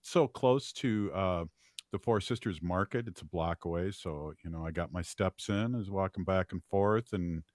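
A man with a very deep voice hosts a laid-back radio talk show. He rambles warmly through stories, filling gaps with ums and uhs and laughing easily. The studio sound is dry and close. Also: moderate pace, no echo. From United States. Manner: relaxed, rambling, laughs easily, many fillers. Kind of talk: casual radio chat.

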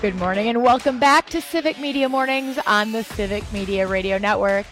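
A woman in her forties co-hosting a morning radio show, chatty and quick to laugh. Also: a little high, over music. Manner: chatty, laughs easily, animated. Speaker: radio co-host. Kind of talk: casual morning radio chat. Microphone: studio microphone.

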